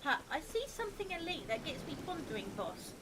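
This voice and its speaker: A high-pitched woman co-hosts a gaming stream, tossing in wry, quick remarks. Clear hiss and noise sit on her mic throughout. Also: very animated. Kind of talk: casual live-stream chat over gameplay.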